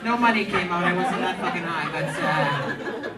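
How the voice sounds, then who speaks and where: A woman's voice: fairly low pitch, normal speed, distant mic. A woman in her fifties performing a brash, profane stand-up set with crowd work in a comedy club. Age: 50s. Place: comedy club stage with live audience. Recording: roomy club sound, loud crowd laughter.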